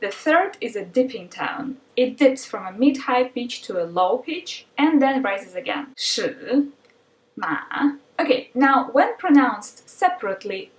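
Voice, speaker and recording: Female language teacher, patient and clear, slightly high voice, roomy echo. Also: far from the mic. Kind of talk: explanatory lesson narration.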